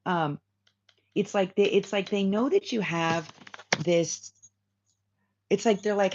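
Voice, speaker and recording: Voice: medium pitch, takes it slowly, pauses often. A tarot reader hosting a casual spiritual reading for viewers, rambling and repeating phrases with many fillers. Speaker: tarot reader, channel host. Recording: slightly dull lo-fi sound with faint hiss.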